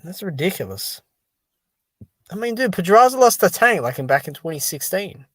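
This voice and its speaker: A man's voice: high voice, sing-song, normal speed, fairly bright tone, no room sound. A man hosting a casual solo commentary on boxing and MMA, talking to his viewers in an exasperated, dismissive way and leaning on fillers like "dude" and "man". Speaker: boxing commentary channel host.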